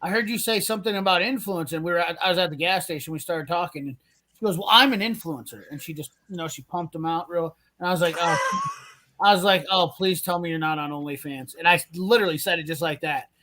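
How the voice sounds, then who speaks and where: A man's voice: high voice, fast talker, sharp tone. A man hosting a casual garage-talk livestream, telling a rambling story, acting out quotes and laughing often. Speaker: podcast host.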